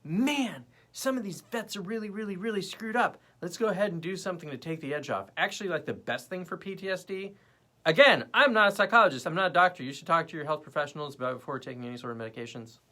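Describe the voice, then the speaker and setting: A high-pitched young man talks quickly while hosting a casual livestream. He rambles with animation, hopping between topics and chatting with commenters.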